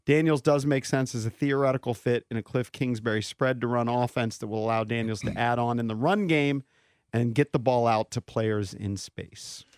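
A man's voice: medium pitch, normal speed, dry recording. Male co-host, mid-range voice, dry studio, reads out ratings. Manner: reads stats in a list-like delivery. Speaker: sports radio co-host. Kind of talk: sports talk radio.

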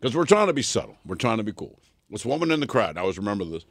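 A man's voice: racing, no room sound, studio quality. A man co-hosting a podcast, telling a story casually and acting out the people in it with sudden jumps in voice. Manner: animated, acts out quoted people with big pitch jumps. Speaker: podcast co-host.

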